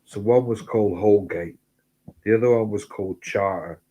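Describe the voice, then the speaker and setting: A man telling rambling, sweary anecdotes in casual chat, getting louder as the story builds. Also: normal speed, a little hiss or hum, rough recording. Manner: sweary rambling anecdotes, gets loud and high when excited. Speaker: host.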